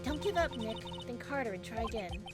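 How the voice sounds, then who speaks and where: An eager young sidekick cheers her partner on in a high, bright voice, as a woman puts her on. The pitch rises far above the reader's own, and game music plays underneath. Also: animated, a little fast, lightly acted. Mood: urging.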